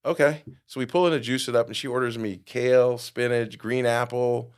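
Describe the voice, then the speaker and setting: A middle-aged man telling a personal story in a podcast interview, acting out quotes and getting loud at the big moments. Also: medium pitch, brisk, clean tone. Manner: animated storyteller, acts out quotes with big jumps in loudness. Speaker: guest.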